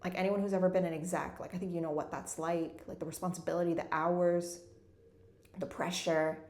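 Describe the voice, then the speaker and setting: A woman's voice: lowish voice, little pitch movement, fairly quick, a little mellow, roomy sound. A woman from Canada, a new novelist and former executive, tells a personal story in a rambling casual way, saying "like" constantly. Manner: rambling, fills nearly every phrase with "like". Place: her home in Munich.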